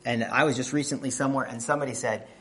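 A man preaching a sermon in a conversational teaching manner, often asking his listeners questions and clearing his throat. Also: medium pitch, fairly even intonation, very fast, a bit bright.

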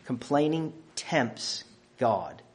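Man preaching, average pitch, builds emphasis point by point. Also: animated, drawn-out words. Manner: emphatic, counting off numbered points. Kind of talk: sermon.

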